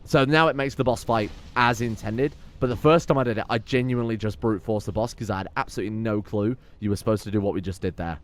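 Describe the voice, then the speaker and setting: A man's voice: lowish voice, fast, few pauses. A man giving sweary, sarcastic let's play commentary while playing a game. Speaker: gameplay commentator.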